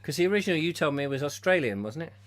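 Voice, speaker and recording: A man's voice: fairly high pitch, animated, very fast. A man hosting a comic live chat show, rambling and silly in his banter. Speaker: host.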